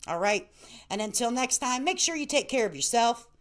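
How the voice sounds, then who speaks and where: A woman's voice: a little high, sing-song, normal speed. A woman in her late thirties hosting a casual livestream, chatty and affectionate, laughing often and calling viewers honey and baby. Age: 30s. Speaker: livestream host.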